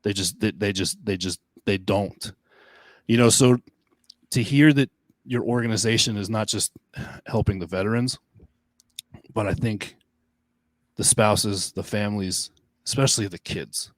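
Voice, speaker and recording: Emphatic, halting middle-aged man. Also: on the low side, no echo. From Long Island, New York. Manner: emphatic, halting, repeats himself. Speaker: podcast co-host. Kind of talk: casual podcast chat.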